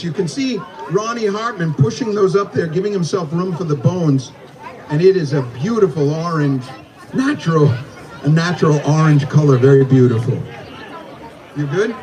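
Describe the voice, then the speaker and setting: Hyped man announcing over a loud crowd. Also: fairly high pitch, lively intonation, moderate pace. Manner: theatrical, hyped, shouting countdowns. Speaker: contest announcer. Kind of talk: live event emcee commentary. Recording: distant outdoor PA with crowd and music.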